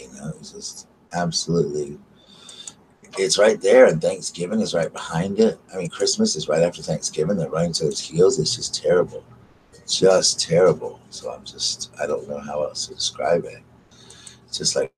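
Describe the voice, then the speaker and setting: A man's voice: rumbling low, moderate pace, a little hiss or hum, poor audio. A man chatting casually and gushingly to his live stream viewers, full of fillers. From Southern United States. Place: home at night by candlelight.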